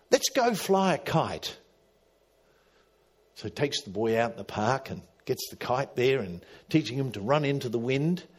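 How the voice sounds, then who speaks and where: A middle-aged man preaching a sermon, swinging from loud emphatic calls to quiet, low asides. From Australia. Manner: dramatic, rising to loud emphatic calls then dropping quiet. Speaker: pastor.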